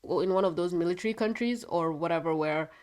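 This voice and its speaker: A woman with a congested voice chatting through a casual video review, rambling and quick to laugh. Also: lowish voice, darkish tone. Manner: a bit foggy and scattered. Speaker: show reviewer.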